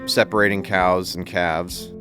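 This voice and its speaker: A man in his forties casually recalling a long journey in an interview, relaxed and reflective, with frequent "you know"s. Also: low voice, a little slow, over music.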